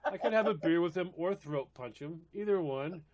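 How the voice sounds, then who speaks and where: Guy on a podcast telling a story, kinda high voice that jumps around a lot, laughing and doing voices. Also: normal speed. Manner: animated, laughing, acts out quoted voices. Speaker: podcast co-host. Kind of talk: casual chat, storytelling.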